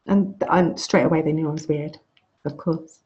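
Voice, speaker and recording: Woman course teacher, frank casual lecturer, dark warm tone, lo-fi call sound. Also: low-pitched, fairly even intonation, normal speed. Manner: chatty, frank, restarts phrases. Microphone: video call. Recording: dull lo-fi video call audio.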